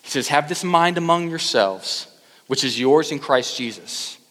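A fairly high-voiced man preaching in a church sanctuary, his words trailing off into the long reverb of a large hall. He presses his points by repeating them, climbing to loud urging and then dropping to a hushed, earnest intensity. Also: animated, a little slow. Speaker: pastor. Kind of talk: sermon.

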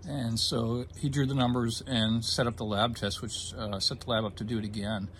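A man of ordinary pitch recounts a personal story in an easy conversational way, pausing and restarting often. His voice carries real emotion, and a faint hiss sits under the recording. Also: flat delivery, a bit bright. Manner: halting, with many fillers and restarts; emotional, gets choked up. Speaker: guest telling his story. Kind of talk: casual conversation.

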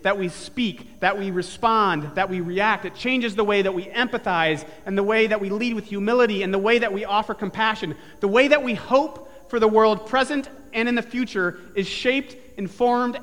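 A man's voice: sits high, fairly bright tone, in a large hall. A man preaching a sermon in church, telling a story earnestly and building to emphatic repeated phrases. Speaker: pastor. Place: church sanctuary with live and online congregation.

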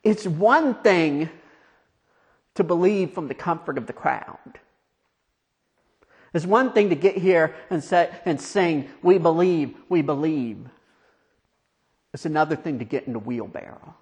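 A man preaching a conversational, storytelling sermon, asking his listeners questions and dropping quiet for emphasis. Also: on the high side, animated, measured pace, long pauses.

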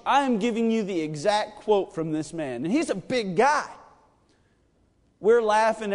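A man with a bright, high voice delivers a sermon. He talks in a rambling, joking way. His words echo around a large church hall. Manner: chatty and joking, many fillers. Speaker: pastor. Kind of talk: sermon with personal storytelling. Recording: long reverb of a church hall.

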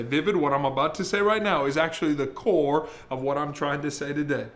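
A man preaching a sermon as pastor, in a conversational, emphatic way, slowing to read scripture. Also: on the high side, a bit bright. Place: church service, streamed.

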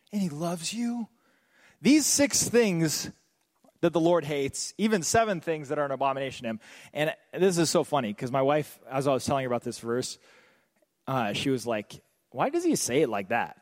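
A young pastor preaches in a high, lively voice that swoops up and down. He jokes and drops into quick voiced asides. The sound rings with the long reverb of a church hall. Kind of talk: sermon.

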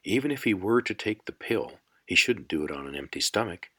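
A man narrating a fantasy audiobook in a measured, unhurried storytelling manner. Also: low-pitched, very animated, bright, forceful tone, breathy edge. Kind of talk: scripted narration.

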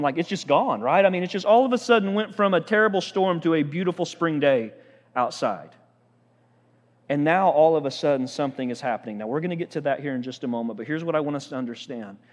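A man preaching a sermon as a pastor, animated and conversational, often asking the congregation questions. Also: on the high side, long reverb tail.

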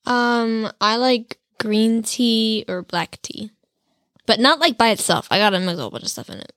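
A woman co-hosting a casual podcast chat, softly spoken and heavy on filler words. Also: a little high, lively intonation, normal speed, no room sound, clean studio sound. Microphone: studio mic with headphones.

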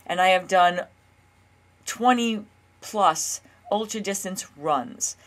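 A woman coaching listeners in a casual monologue, chatty, often checking in with "okay?" and fillers. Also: on the low side. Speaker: weight loss coach and podcast host.

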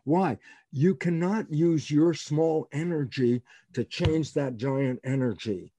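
A man telling stories as a guest in an interview, emphatic and animated, asking rhetorical questions and acting out the lines of people he quotes. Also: a little high, slow, slightly rough, no echo. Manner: animated, acts out quoted dialogue. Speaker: guest biologist. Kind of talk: storytelling in an interview.

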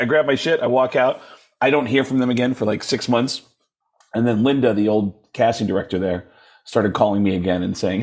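A man, a comedian guest, telling animated self-deprecating stories in a casual chat and laughing often. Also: mid-range voice, brisk, husky. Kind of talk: casual storytelling in conversation.

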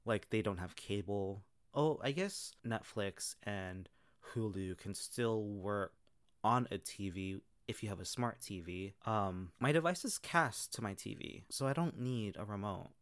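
A man's voice: lowish voice, animated, measured pace, smooth, no room sound, clean studio sound. A man hosting a podcast, casually reading online comments aloud and reacting with frequent laughter. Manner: chatty, laughs often between comments. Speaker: podcast host.

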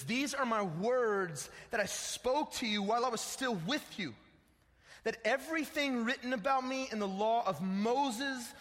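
A man's voice: high-pitched, a bit bright. A young man preaching a sermon in a casual, slangy way, calling listeners dude and bro. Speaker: pastor. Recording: echoey hall with long reverb.

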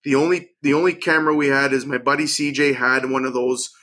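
Bright-voiced man telling a fishing story. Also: medium pitch, quick pace. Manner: acts out quotes in lively bursts. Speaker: guest chef and angler. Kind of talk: animated storytelling.

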